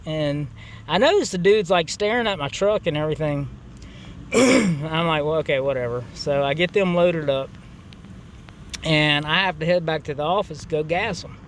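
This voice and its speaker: A man with a drawl tells a story in a loose, easygoing way, swearing freely and pausing on fillers. His voice sits a little high for a man. Faint outdoor traffic hums behind him. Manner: profane, laid-back storytelling with many fillers. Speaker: gaming channel host. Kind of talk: casual anecdote.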